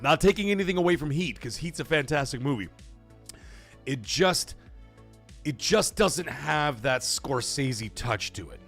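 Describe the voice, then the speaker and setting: A man's voice: a little high, lively intonation, measured pace, fairly bright tone, soft background music. A man hosting a livestream in casual chat, swearing freely and laughing as he reads chat messages aloud. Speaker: livestream host.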